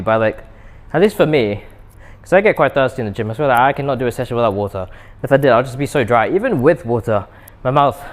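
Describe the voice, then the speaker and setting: Young British guy, gym vlogger, rambling chat between sets, middle-pitched. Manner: rambling, chatty, self-deprecating asides. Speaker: fitness vlogger. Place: indoor gym.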